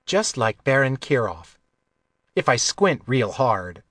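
A man's voice: mid-range voice, very animated, takes it slowly, fairly bright tone, no echo, clean studio sound, heavily acted. A man voicing a young girl accomplice in his plain narrating voice, in an audiobook.

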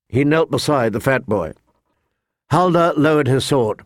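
A man narrating a fantasy novel in a measured, steady storytelling voice. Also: medium pitch, no room sound, studio quality. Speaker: audiobook narrator.

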